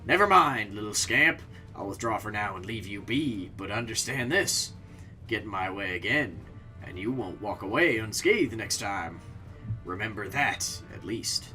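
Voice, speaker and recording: A man voicing a gruff, rough-talking male villain boss with a put-on accent, during a live game playthrough. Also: on the low side, animated, unhurried, sharp tone, faint music behind, pitched below the performer's own voice, heavily acted. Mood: menacing.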